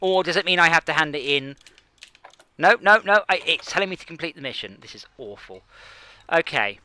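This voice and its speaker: Slightly high and a little fast, this man's voice has lively intonation and a bright, forceful tone as he streams a space game. It's casual gaming chat: rambling, self-mocking, and full of him talking to himself while playing.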